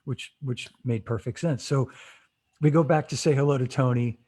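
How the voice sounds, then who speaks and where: A man's voice: medium pitch, moderate pace, warm tone, breathy edge. A man hosting a casual interview over a video call, telling a rambling story with many restarts and frequent laughs. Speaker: host.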